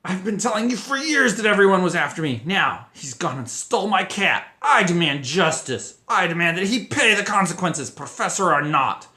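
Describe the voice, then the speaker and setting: A frantic old caretaker, shrieking and roaring at the top of his lungs, put on by a male reader. The voice jumps high and loud and rings out in an echoey room. It's a storybook reading with a bright, sharp edge. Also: lively intonation, moderate pace, few pauses, exaggerated voice. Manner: screaming, frantic.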